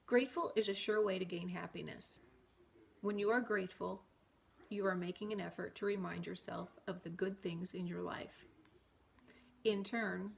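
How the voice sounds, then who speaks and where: A woman's voice: on the low side, vocal fry, a little hiss or hum. A woman vlogger reading self-help affirmations to camera, repeating them, then wandering off into chatty asides. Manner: reads aloud, then breaks off into rambling asides. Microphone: camera mic.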